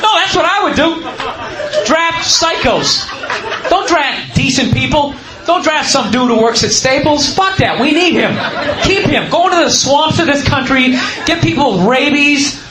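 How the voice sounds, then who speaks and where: A male stand-up comedian ranting loudly through a comedy routine, shouting and laughing as he goes. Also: very high-pitched, expressive, a little slow, noisy background. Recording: echoey club recording with loud crowd. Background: crowd laughter.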